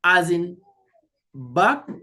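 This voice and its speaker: A woman teaching an online language lesson, speaking slowly and deliberately, repeating key words and addressing the learner directly. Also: fairly low pitch, sing-song, sharp tone.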